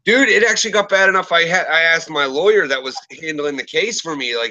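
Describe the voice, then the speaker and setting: A man's voice: fairly high pitch, fairly quick, hardly any pauses, low-quality recording. A man from the Pittsburgh area telling profane stories in casual chat, acting out what people said. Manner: profane, animated storyteller acting out quotes. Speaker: podcast host.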